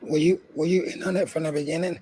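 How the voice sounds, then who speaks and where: A man's voice: a little high, steady tone, fast talker, dark tone, a little hiss or hum. A man co-hosting a casual podcast, mostly giving short reactions and joking asides. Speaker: podcast co-host. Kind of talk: casual chat.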